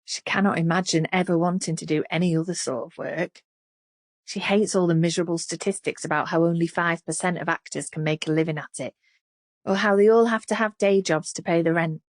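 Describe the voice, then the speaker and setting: A woman reading an audiobook thriller in an expressive, scripted narration. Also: fairly low pitch, fairly quick, no room sound, studio quality.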